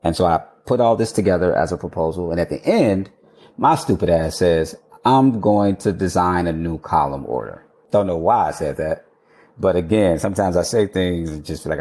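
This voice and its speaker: A man, an architect and podcast guest, telling a candid, animated story in casual conversation and now and then swearing. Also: deep voice.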